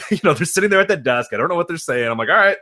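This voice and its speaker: A man in his thirties hosting a podcast, chatty and quick, laughing easily and stumbling over words. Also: on the high side, animated, pushed and bright. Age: 30s. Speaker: podcast host. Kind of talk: casual podcast chat.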